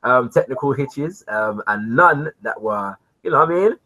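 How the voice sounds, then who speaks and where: A man hosting a live online talk show, greeting his viewers. He talks in an animated, informal way, with many "you know what I mean" fillers. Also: mid-range voice, normal speed, rough recording. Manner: animated, repeatedly addresses viewers as kings and queens. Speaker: livestream show host.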